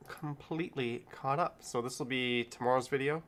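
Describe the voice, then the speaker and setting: A man's voice: medium pitch, fairly even intonation, moderate pace, gravelly, a bit bright. A middle-aged man hosting a casual live stream, rambling in an easygoing way and chuckling often. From Canada.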